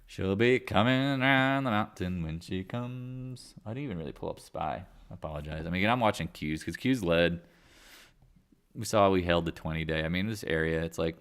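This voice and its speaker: A man's voice: rumbling low, vocal fry. A man hosting a casual live market chat, rambling and joking as he goes. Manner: rambling, jokey, self-deprecating. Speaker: market chat host and real estate agent.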